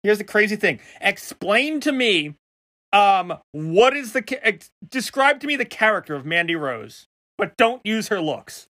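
A man's voice: high voice, big pitch swings, unhurried, bright, forceful tone. A man co-hosting a podcast, trading dry, wry commentary in casual chat. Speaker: podcast co-host.

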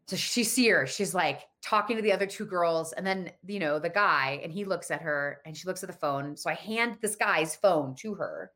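Woman telling a personal story, lower voice. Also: moderate pace, hardly any pauses. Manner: animated, acts out dialogue in quoted voices.

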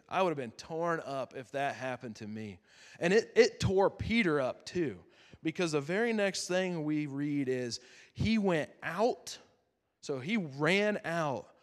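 A man preaching as a youth pastor, earnest and conversational, with dramatic pauses that drop to a near-whisper. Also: medium pitch. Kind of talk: sermon. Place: chapel. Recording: long chapel reverb.

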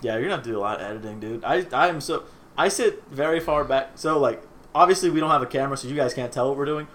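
A man's voice: medium pitch, quick pace, a bit bright, a little hiss or hum. A young man co-hosting a casual podcast, joking and laughing, saying "dude" a lot, recorded in a small apartment on a desk microphone set a few feet away. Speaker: podcast co-host. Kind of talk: casual chat. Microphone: one shared desk mic about three feet away.

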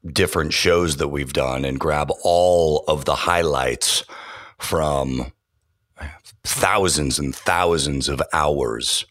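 A man who works as a podcast producer and audio engineer, answering interview questions in a relaxed, thoughtful way with frequent fillers and restarts. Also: rumbling low, no echo, studio quality.

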